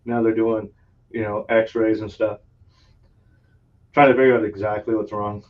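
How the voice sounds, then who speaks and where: A lowish, fairly flat voice with little pitch movement belongs to a podcast host who speaks unhurriedly. He chats casually through a long, rambling anecdote, swearing freely and laughing often. The recording comes across as distant, dull and lo-fi.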